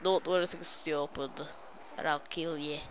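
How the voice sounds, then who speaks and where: A young man voicing a gruff male army captain who threatens in a low voice that sinks into whispers. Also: steady tone, measured pace, slight background noise, natural voice. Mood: menacing. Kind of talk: gaming commentary impression.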